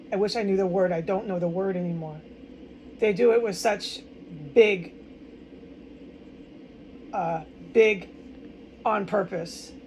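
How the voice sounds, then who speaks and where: A woman's voice: mid-range voice, darkish tone, slight background noise, poor audio. An American woman in a distraught, rambling personal monologue, stumbling over words and swearing often. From United States. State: upset and distraught. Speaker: vlogger.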